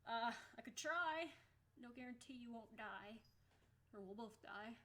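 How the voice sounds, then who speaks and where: A woman's voice: on the high side, expressive, unhurried, sharp tone. A young woman from the United States chatting casually in a vlog, blunt and swearing offhandedly. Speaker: vlogger.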